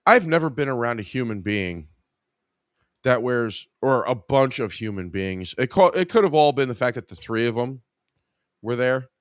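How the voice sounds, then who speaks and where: A man's voice: medium pitch, lively intonation, moderate pace, no room sound, studio quality. A man hosting a podcast, telling a story in a casual, profane, exasperated way. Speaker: podcast host.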